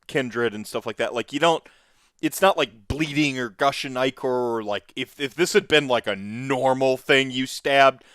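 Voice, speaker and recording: A man's voice: medium pitch, a bit bright, smooth, no room sound, clean studio sound. Rambling man running a tabletop game. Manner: rambling, full of fillers. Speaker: storyteller.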